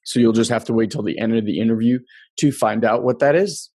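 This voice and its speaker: A man's voice: medium pitch, a little fast, a little mellow, dry recording, studio quality. Upbeat man hosting a podcast. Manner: upbeat, laughs often, chatty. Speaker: podcast host. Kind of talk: casual interview chat.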